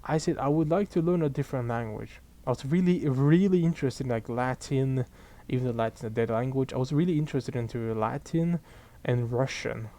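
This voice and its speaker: A young man, his tone dark and mellow. He rants casually to camera, swearing freely and sounding fed up and animated. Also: medium pitch, a little fast, few pauses. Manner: profane, exasperated, animated storytelling. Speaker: vlogger. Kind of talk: casual ranting monologue.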